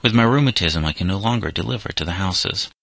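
A man voicing an elderly, humble male florist who speaks gently and forgivingly. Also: deep voice, animated, fast, creaky, no room sound, full character voice, low-quality recording. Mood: gentle. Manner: gentle, earnest storytelling delivery.

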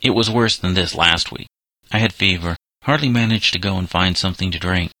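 A man's voice: low voice, a little fast, sharp tone, dry recording. A man reading as a defiant runaway boy of seventeen. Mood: sullen. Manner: bitter, resentful protests.

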